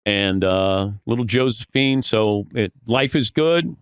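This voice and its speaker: A man's voice: fairly low pitch, expressive, takes it slowly, clean tone, no echo, studio quality. A man in his sixties, a sports broadcaster guest on a podcast, telling stories casually and acting out the people he quotes. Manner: storytelling, acts out quoted voices, self-deprecating.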